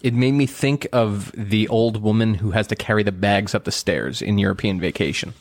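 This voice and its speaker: A man's voice: on the low side, moderate pace, no echo. Dry, sarcastic man podcasting. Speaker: podcast host. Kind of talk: casual comedic chat. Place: home recording setup. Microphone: studio microphone.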